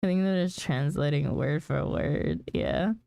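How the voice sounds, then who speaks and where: A woman streamer reads her chat and talks casually with viewers, laughing a lot and filling her speech with "like." Her voice is low, gravelly and dark-toned, and she takes her time.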